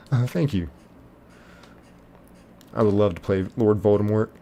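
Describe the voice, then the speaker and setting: Low gravelly guy on a game stream, reading chat out loud, mellow dark tone. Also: moderate pace, pauses often. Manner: relaxed, chatty, reads comments aloud and thanks viewers. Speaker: live-stream host. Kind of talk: casual live-stream chat, reading chat messages.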